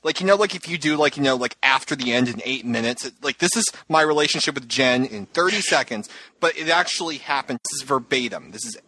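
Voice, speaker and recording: A man hosts a podcast in easygoing chat, telling stories with animation and breaking into laughter as he acts out what people said. His pitch swings widely and his tone rings bright, heard close and dry with no room behind it. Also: quick pace, no echo. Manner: animated storyteller, laughs often, acts out quotes. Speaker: podcast host. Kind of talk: casual chat.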